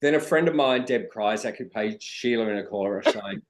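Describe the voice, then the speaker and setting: A man's voice: on the low side, fairly quick. Earnest Australian man telling stories. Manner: earnest storytelling, acting out quoted dialogue. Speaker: guest, drag performer and dance teacher. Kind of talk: conversational podcast interview.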